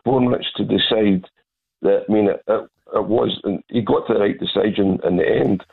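Aggrieved caller on a phone line. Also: male voice, fairly low pitch, moderate pace, creaky. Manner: aggrieved, insistent. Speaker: caller, football fan. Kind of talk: phone-in call.

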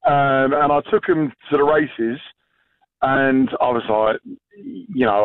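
A man's voice: mid-range voice, a little slow, dry recording. A man in his thirties from Ireland with an Irish accent, calling a radio phone-in and telling a rambling story full of fillers. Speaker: caller. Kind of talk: phone-in anecdote. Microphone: phone line. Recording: tinny phone line.

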